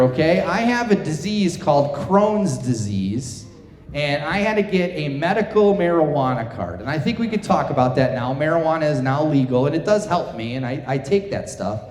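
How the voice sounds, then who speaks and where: A middle-aged man does stand-up on a theater stage in front of a live audience, his highish voice sing-song and moderately paced. He tells self-deprecating stories and chats with the crowd, and the theater's long reverb makes everything echo.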